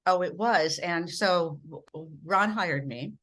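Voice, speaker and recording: A middle-aged woman from Minnesota, a broadcast journalist telling animated stories as an interview guest. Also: fairly low pitch, takes it slowly. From rural Minnesota. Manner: animated storyteller acting out voices in quotes. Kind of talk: storytelling in a podcast interview.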